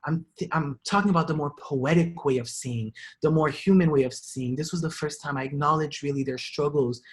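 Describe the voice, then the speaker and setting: Young man from Haiti, earnest personal storytelling, reflective, stumbles and repeats, fairly high voice. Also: a little fast. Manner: earnest, reflective, with many restarts and repeated words. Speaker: artist giving a talk.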